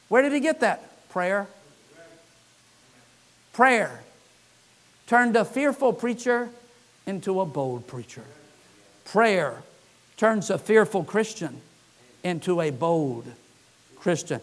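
A man preaching a sermon, telling the scripture stories with animated acted-out lines and frequent filler sounds. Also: high-pitched, measured pace. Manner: animated storytelling, acts out the scripture characters' lines. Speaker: pastor.

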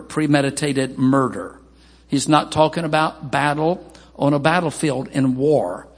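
A man preaching a sermon as pastor, emphatic, with Scripture readings and quoted asides. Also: gravelly. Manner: emphatic preaching, voices quoted people in a raised pitch. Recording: long hall reverb.

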